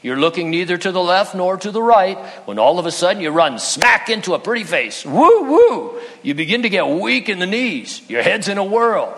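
A man's voice: high-pitched, expressive, brisk, hardly any pauses, fairly bright tone, pitched above the performer's own voice. A man voicing a wise old male cartoon owl who lectures with breathless, swooping relish. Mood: giddy, gushing.

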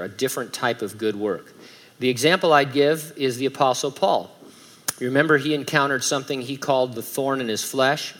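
Male pastor, mid-pitched voice, emphatic sermon delivery with light humor. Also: a bit bright. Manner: emphatic, reads scripture aloud with rising force, light humor.

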